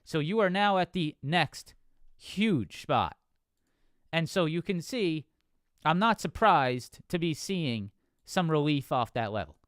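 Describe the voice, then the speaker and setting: A man's voice: a little high, expressive, slow, fairly bright tone, clean tone, no room sound, studio quality. Man calling levels on a live stream. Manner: conversational, peppers talk with "right?". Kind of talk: casual live-stream market analysis.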